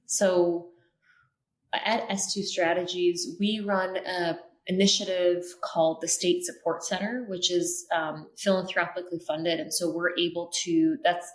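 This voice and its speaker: A woman's voice: lowish voice, little pitch movement, a little slow. Earnest woman guest in an echoey room. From Minnesota. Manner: earnest, many filler ums and restarts. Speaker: guest, clean energy policy strategist. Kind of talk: podcast interview. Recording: roomy echo.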